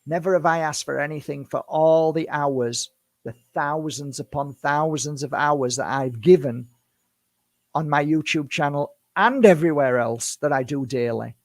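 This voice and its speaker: A man's voice: a little high, normal speed, dry recording, clean studio sound. A man in his fifties, a spiritual healer, speaking to camera in an impassioned, defensive monologue full of rhetorical questions. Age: 50s.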